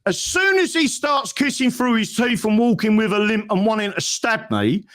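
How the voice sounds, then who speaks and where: A man, a guest in a live online talk, lecturing forcefully in a heated debate and tagging his points with "right?". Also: high voice, big pitch swings, moderate pace.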